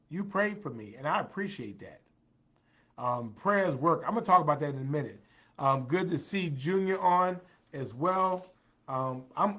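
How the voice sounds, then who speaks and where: A man's voice: fairly high pitch, a bit bright, muffled recording. A tired man hosts a casual livestream, greeting viewers by name and repeating his phrases. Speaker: livestream host.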